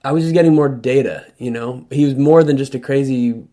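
A man as an interview guest, telling a personal story in a thoughtful, halting way with frequent restarts. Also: mid-range voice, warm tone. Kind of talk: reflective storytelling conversation.

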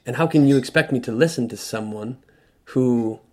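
A man as an interview guest, telling a personal story in a thoughtful, halting way with frequent restarts. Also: medium pitch. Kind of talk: reflective storytelling conversation.

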